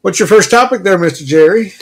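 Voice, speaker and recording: Lively, exclaiming podcast co-host man. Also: high-pitched, fast, slightly rough. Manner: animated, exclaims in surprise. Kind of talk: casual chat.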